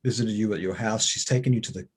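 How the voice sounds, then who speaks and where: A man narrating as game master, starting his sentences haltingly with fillers. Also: on the low side, husky.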